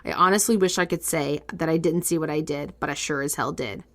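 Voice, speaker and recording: A woman co-hosting a casual podcast, reading listener ghost stories aloud with lively reactions and frequent laughs. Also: low-pitched, quick pace. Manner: animated, laughs often, reacts with disgust. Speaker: podcast co-host.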